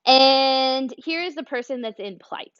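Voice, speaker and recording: A woman from the United States gives an unhurried, conversational teaching talk as a church speaker, with a fairly high voice. She explains with a drawn picture and acted examples. The recording is dry and a little dull and lo-fi. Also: fairly bright tone, smooth, dry recording.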